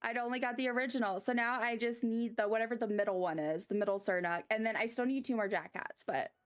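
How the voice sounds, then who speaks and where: A woman with a lilt chats loosely to her live-stream audience as she plays. Her voice sits fairly high, and she runs through fillers and restarts before jumping into squeals of delight. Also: fast talker, clear, resonant tone. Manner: chatty and excitable, squealing with delight. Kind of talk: casual live-stream chat while gaming.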